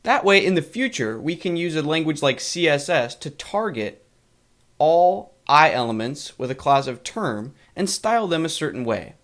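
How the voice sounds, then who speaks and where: A man narrating a coding tutorial in a clear, methodical way. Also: a little high, sing-song, moderate pace, fairly bright tone. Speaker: coding instructor. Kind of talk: screen-recorded tutorial narration.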